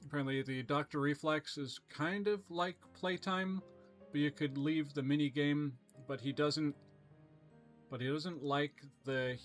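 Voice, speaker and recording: A gaming streamer with a voice on the high side talks a little slowly over soft background music. He casually comments on his gameplay during a live stream, relaxed and chatty, reading viewers' messages aloud.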